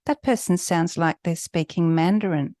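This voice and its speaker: A woman who is a native English speaker, tutoring for an English test with clear, explanatory talk and slowed emphasis. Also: lowish voice, dark tone, no echo, studio quality. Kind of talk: online teaching.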